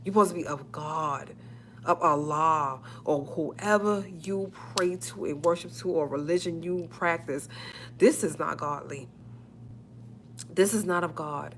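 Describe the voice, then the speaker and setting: A woman's voice: low-pitched, measured pace, a little hiss or hum. A woman vlogger giving emotional, emphatic commentary on a live stream, repeating herself as she works up her indignation.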